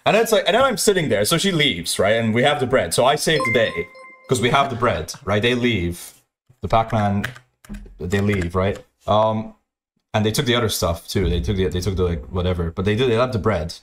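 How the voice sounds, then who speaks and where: A man's voice: lively intonation, fairly bright tone, a little hiss or hum. A young man telling a profane, aggrieved story in a rambling rant, full of repeats and quoted lines. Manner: aggrieved, profane, repetitive, fast-swinging pitch. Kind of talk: ranting anecdote.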